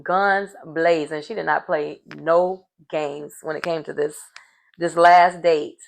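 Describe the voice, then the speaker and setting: A woman giving a sassy, animated casual recap of a reality show, calling her listeners "baby" and "honey" and laughing as she goes. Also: sits low, takes it slowly, creaky. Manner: sassy, animated storytelling with terms of endearment; laughs mid-sentence.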